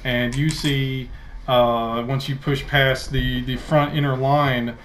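A man's voice: medium pitch, level tone, slow pace, a bit bright, slight background noise. A man narrating a tabletop game as dungeon master, with many fillers and restarts. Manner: hesitant, filler-heavy narration. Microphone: console party chat.

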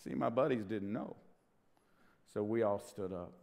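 A middle-aged man preaching a sermon as pastor, swinging between hushed whispers and loud, impassioned bursts. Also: lowish voice, a little slow. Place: church sanctuary. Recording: long hall reverb.

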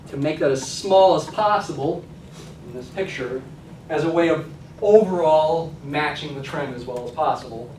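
Male stats lecturer, chatty classroom delivery, somewhat high voice, roomy distant sound. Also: darkish tone, slight background noise. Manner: conversational, frequent "okay?" check-ins. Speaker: college statistics lecturer.

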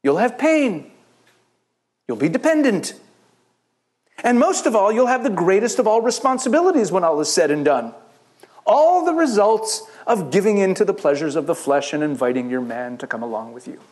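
A middle-aged man from Israel, a rabbi giving a sermon-style Bible teaching to a church audience, telling the story with lively asides and acting out the characters' lines. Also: high-pitched, normal speed. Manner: animated storytelling, acts out the biblical characters in quoted voices.

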